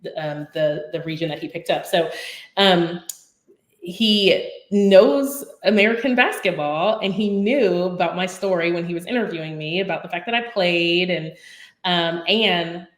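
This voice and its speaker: A woman's voice: on the low side, measured pace. A middle-aged woman telling her story in a casual podcast chat, with lots of ums. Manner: chatty, many ums, storytelling. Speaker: guest basketball commentator. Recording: roomy echo.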